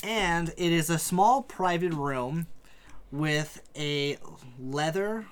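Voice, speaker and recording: A man's voice: on the high side, slow pace, clear, resonant tone. A man running a tabletop game as game master, laid-back, casual and swearing often, with frequent hesitant ums.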